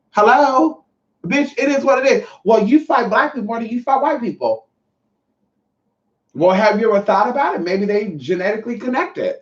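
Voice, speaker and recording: A man ranting in a sassy, profane, scolding monologue as a vlogger. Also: high-pitched. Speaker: vlogger and self-taught Reiki healer. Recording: echoey room, dull lo-fi sound.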